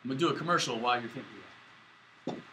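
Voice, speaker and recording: A man's voice: medium pitch, racing, pushed and bright, a little hiss or hum, rough recording. A man lecturing a statistics class at a whiteboard, in a casual, chatty way with jokey asides. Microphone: camera in the room, moving away to the board.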